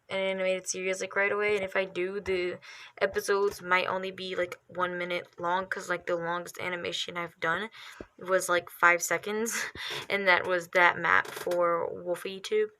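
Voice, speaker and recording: A woman's voice: mid-range voice, pushed and bright, a little hiss or hum. A woman chatting casually to her viewers while chewing gum, hesitant and full of "like" and "um", laughing often. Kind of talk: casual vlog chat.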